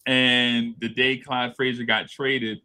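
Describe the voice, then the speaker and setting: A man telling a childhood story in casual chat, animated and acting out voices as he goes. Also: medium pitch, takes it slowly. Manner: animated, laughing storyteller who acts out voices. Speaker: podcast co-host.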